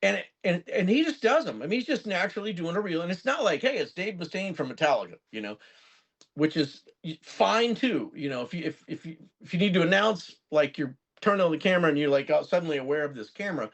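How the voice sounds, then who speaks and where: A man in his fifties with a gravelly voice that sits a bit high for a man. He talks in a lively, swooping way, rambling and swearing freely in casual podcast chat. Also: fast talker. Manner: animated, rambling storyteller who swears freely. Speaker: guest musician and record producer.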